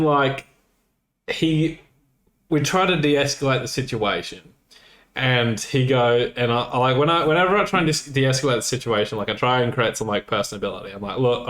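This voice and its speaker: Man telling a story, roomy echo. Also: medium pitch. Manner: swearing, animated retelling with quoted dialogue. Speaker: podcast co-host. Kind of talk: casual storytelling chat.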